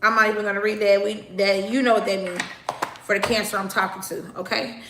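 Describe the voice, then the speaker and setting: A woman's voice: mid-range voice, little pitch movement, fairly quick, echoey room, noisy background. A woman doing a casual tarot reading, talking bluntly and chattily straight to her viewers, sometimes swearing. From United States. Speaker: tarot reader.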